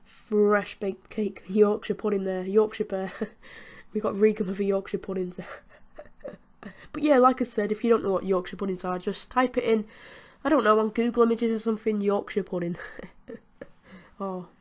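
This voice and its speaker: A woman's voice: medium pitch, steady tone, normal speed, a little mellow. British woman playing a game, chatty n giggly, keeps talking to the characters. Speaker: gaming channel host. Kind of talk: casual gameplay commentary.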